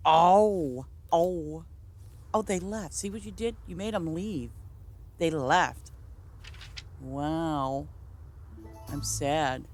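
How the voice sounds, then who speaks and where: A woman's voice: deep voice, extremely slow, long pauses, a little mellow, soft background music. A woman streaming a farming game, chatting casually with her viewers and laughing often. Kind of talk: casual live-stream chat while playing.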